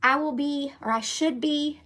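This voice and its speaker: A woman's voice: sits high, unhurried. Chatty Oklahoma woman crafting host. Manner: chatty, folksy, thinks out loud. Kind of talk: casual craft tutorial chat.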